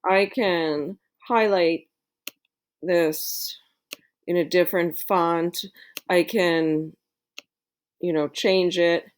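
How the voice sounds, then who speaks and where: Chatty teacher walking students through software. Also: female voice, lowish voice, fairly even intonation, extremely slow, long pauses. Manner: friendly, chatty, many fillers. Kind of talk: screen-recorded tutorial for students.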